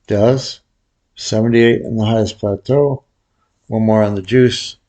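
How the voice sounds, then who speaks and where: Tracking each hand for his viewers, this baccarat video host, a Vegas pro, narrates his bets in a laid-back, unhurried way. His voice is fairly low and frequently sinks into a mutter.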